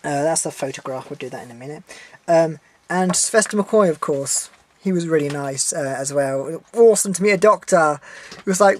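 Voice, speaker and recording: A young man talking to camera in a casual vlog from a room at home. He rambles on in an animated way, trips over his words and restarts often. He swears freely when he gets worked up. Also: on the high side, normal speed. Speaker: vlogger.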